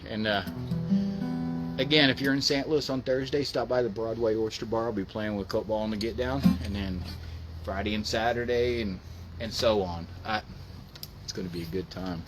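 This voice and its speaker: A man's voice: on the low side, fairly even intonation, normal speed. A man chatting casually on a livestream, rambling in an easygoing way. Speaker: musician and vlog host. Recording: loud guitar music underneath.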